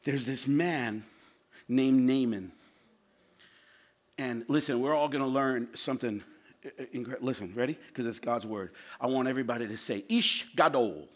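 A male pastor preaching a sermon with passion, swinging from loud shouted lines to low, quiet asides. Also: steady tone, normal speed.

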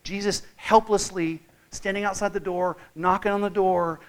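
A man preaching a sermon as pastor, emphatic, with repeated words and restarts as he builds to loud, slow climaxes. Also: high-pitched, steady tone, clear, resonant tone.

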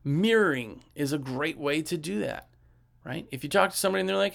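Fairly high-pitched and fairly quick, with some vocal fry, he hands out informal business tips. He's animated and chatty, throwing in rhetorical questions and doing customers' voices.

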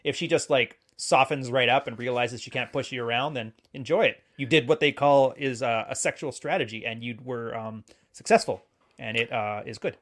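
A man's voice: mid-range voice, fairly bright tone. A man co-hosting a podcast, talking in casual chat with blunt, joking opinions. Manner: speaks quickly in long runs. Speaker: podcast co-host.

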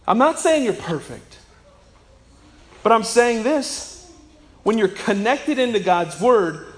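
High-voiced, emphatic male preacher. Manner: emphatic, swinging from loud to soft. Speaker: pastor. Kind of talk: sermon.

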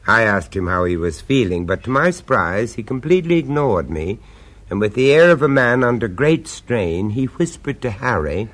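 A man's voice: medium pitch, sing-song, normal speed, fairly bright tone. A man narrating and acting in a radio drama, mild and polite, a little hesitant in dialogue.

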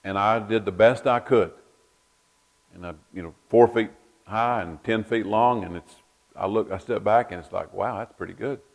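A man's voice: on the low side, normal speed. A man preaching a sermon, folksy storytelling that repeats words as he builds each point. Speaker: pastor.

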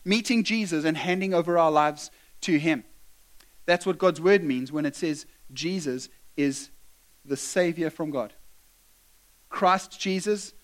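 A man's voice: on the high side, a little slow. Man preaching a chatty sermon. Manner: conversational, asks the congregation questions. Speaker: pastor.

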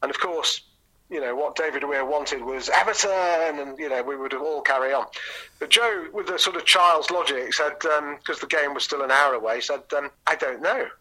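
Bright-voiced middle-aged man telling stories. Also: on the high side, normal speed, poor audio. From England. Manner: rambling storyteller with frequent ums. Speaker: interview guest. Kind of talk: relaxed anecdotal interview.

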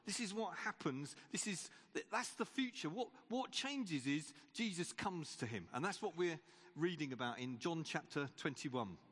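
Retelling a Bible story from the pulpit, this preacher keeps restarting and repeating words in a conversational, stop-start sermon. His voice runs high, a bit bright and husky, animated at a moderate pace, and the church lends it a long reverb.

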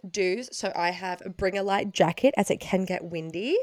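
A woman, co-hosting a podcast in casual chat, blunt and quick with frequent swearing. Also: medium pitch, no room sound. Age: 20s. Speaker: podcast co-host.

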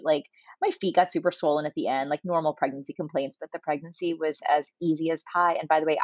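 A woman in her forties with a low, husky voice, talking in a chatty, animated interview. Her sound is dry and a little dull and muffled. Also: no echo. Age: 40s. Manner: chatty, animated storytelling with many fillers. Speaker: guest. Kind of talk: casual conversational interview.

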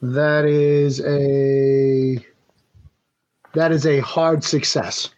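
A man playing a tabletop role-playing game, speaking in a calm and polite way. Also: on the high side, drawn-out words. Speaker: player. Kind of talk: casual tabletop game play. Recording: dull lo-fi with faint noise.

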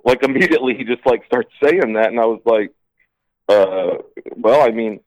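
A man's voice: medium pitch, moderate pace, darkish tone, rough recording. A man telling a long story about a clash at work in casual chat, acting out what each person said and often saying "sure enough". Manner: rambling, repeats "sure enough", acts out quotes.

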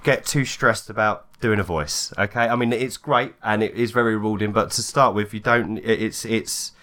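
A man's voice: fairly low pitch, moderate pace, pushed and bright. A man co-hosting a podcast, chatting casually and laughing often. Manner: laughing, easygoing. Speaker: podcast co-host. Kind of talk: casual chat.

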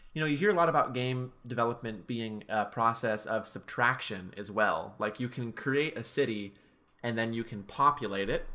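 A man's voice: on the low side, sharp tone. A man co-hosting a podcast, chatting casually and reading out bits of an article, restarting his thoughts as he goes. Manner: reads from an article, pauses and restarts while thinking. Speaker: podcast co-host. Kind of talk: casual chat.

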